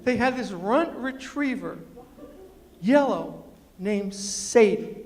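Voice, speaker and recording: High-voiced man telling a story in a hall. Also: expressive, takes it slowly, darkish tone. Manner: acts out quotes, punchy and emphatic. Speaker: storyteller and motivational speaker. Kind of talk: humorous storytelling speech. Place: university lecture hall. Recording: echoey hall, long reverb.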